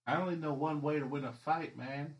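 A man's voice: on the high side, fairly even intonation, a little fast, pitched above the performer's own voice, lightly acted. Guy as a cocky half-orc vigilante, flirty and streetwise, in a roomy echo. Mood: swaggering. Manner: swaggering, streetwise slang.

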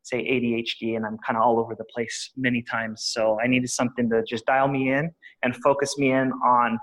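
A man's voice: medium pitch, level tone, brisk, fairly bright tone, poor audio. A man who is a guest on a podcast and talks about property investing, in a rambling, casual way full of restarts and "uh"s. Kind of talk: casual interview answers.

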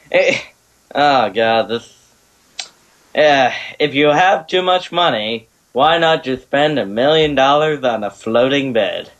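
A man of middle pitch hosts a casual chat show. He reads out trivia with small stumbles and corrections, and he laughs easily between points. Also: animated, slow, a bit bright, lo-fi sound. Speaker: podcast host.

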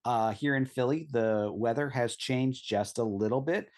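A man chatting as a podcast co-host, lively and talkative. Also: mid-range voice, moderate pace. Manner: animated, chatty. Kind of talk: casual chat.

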